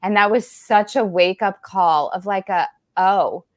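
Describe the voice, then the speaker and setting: Casting: forties woman, mid-pitched, blunt and matter-of-fact, video-call guest. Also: moderate pace. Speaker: podcast guest. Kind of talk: casual video-call chat.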